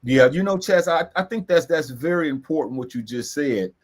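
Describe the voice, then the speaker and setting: An emphatic man in co-hosts a serious talk, voice pitched high. He drives points home by repeating key phrases slowly. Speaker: co-host. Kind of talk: earnest discussion.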